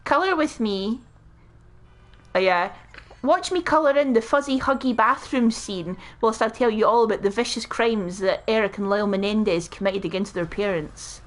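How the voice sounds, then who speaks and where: A woman putting on the voice of a dramatic true-crime podcaster, telling her story slowly and breathily. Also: mid-range voice, lightly acted.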